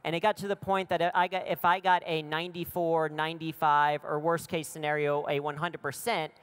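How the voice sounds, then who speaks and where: American man, 30s, comic keynote speaker, slightly high smooth voice, lively and self-mocking. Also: fairly quick. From United States. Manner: energetic, self-deprecating jokes. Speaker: conference speaker. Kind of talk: comedic keynote talk.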